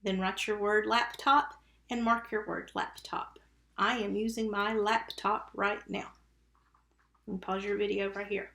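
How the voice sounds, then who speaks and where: A woman's voice: medium pitch, little pitch movement, measured pace, gravelly, a bit bright. A woman teaching a recorded first-grade phonics lesson, patiently sounding out syllables and letters one by one. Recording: roomy, echoey recording.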